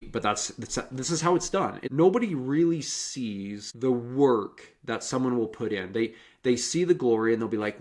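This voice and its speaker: A man's voice: medium pitch, animated, moderate pace. A man hosting a podcast interview and coaching, talking in a rambling, encouraging way with many restarts. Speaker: podcast host and running coach. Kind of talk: casual interview chat.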